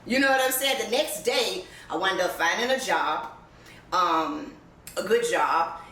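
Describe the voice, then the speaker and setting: A woman's voice: lowish voice, animated, unhurried, sharp tone. A woman vlogger sharing her own story in a blunt, profane way, laughing often and sounding emotional, close to tears. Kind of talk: candid personal storytelling. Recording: roomy echo, distant mic, faint background noise.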